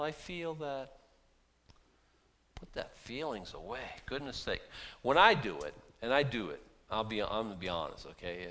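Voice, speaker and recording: Pastor preaching casually in a reverberant hall. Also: male voice, medium pitch. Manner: chatty, self-deprecating, swings from hushed to loud. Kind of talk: casual sermon.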